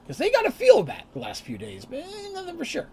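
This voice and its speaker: A man's voice: extremely high pitch, wildly swooping pitch, brisk, gravelly. A man telling the story of his tabletop game in a loose, chatty way, full of asides and restarts. His voice swings freely up and down, with a faint hiss of background noise. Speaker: storyteller recapping a tabletop campaign. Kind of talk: casual story recap.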